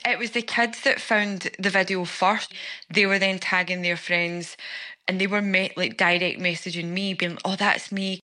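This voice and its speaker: A woman's voice: on the low side, normal speed. A Scottish woman chattily recounting what happened to her in an interview. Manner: chatty, animated storytelling. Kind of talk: casual recounting.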